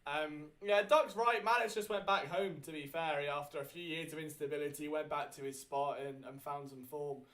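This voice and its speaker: A man with a British accent hosting a live sports draft watchalong, chatty and excitable, often correcting himself mid-thought. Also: on the high side, moderate pace, hardly any pauses. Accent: British English. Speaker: host.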